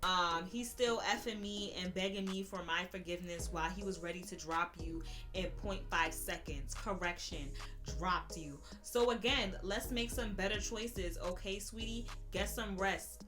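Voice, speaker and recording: A woman, telling a sassy, animated storytime vlog. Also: on the low side. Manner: sassy, animated, quick-witted. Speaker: YouTuber. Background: background music.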